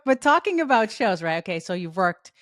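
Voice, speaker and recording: Giggly woman podcast host. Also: on the high side. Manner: giggly, warm interviewer with frequent laughs. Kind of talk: casual chat.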